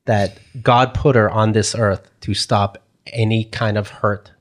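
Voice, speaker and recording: A man casually telling a long story in a relaxed conversation, lively and acting out what others said. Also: fairly low pitch, a little slow. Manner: animated storyteller, acts out quoted voices.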